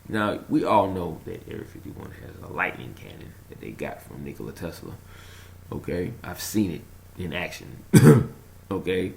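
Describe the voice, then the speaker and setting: A man with a low voice and a gravelly edge talks in a loose, rambling monologue. His pitch swings widely as he tells his stories, and he chuckles and trails off while hunting for words. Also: normal speed. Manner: animated storytelling, chuckles, trails off searching for words. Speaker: conspiracy vlogger.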